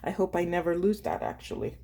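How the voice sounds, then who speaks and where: A woman, a spiritual coach, doing an intuitive card reading in an earnest, slow and emphatic way, pausing to feel for her words. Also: on the low side, wildly swooping pitch, gravelly, dark tone.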